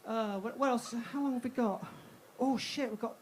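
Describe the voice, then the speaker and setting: A woman's voice: on the high side, moderate pace, darkish tone. A woman doing a stand-up comedy set on a club stage, brash and punchy with self-mocking asides.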